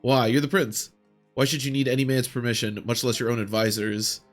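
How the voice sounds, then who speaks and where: A man reading out a calm, perceptive young woman from a video game, in his own plain voice. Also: mid-range voice, fairly quick, soft background music, natural voice. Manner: plain read-aloud of game text.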